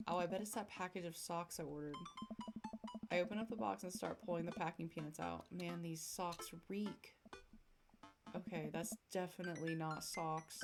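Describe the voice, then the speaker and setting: A woman's voice: on the low side, normal speed, gravelly. A young woman streaming a dating game, reading its dialogue aloud in voices and reacting between lines. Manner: animated, giggly, voices the game characters. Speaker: streamer playing a dating sim. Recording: music playing behind.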